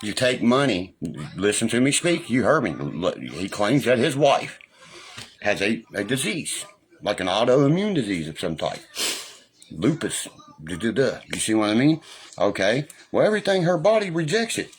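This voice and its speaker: A man's voice: lowish voice, sing-song, a little slow, slight background noise. A man ranting angrily on a livestream, swearing constantly and taunting his critics. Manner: profane, combative, taunting. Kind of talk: angry livestream rant.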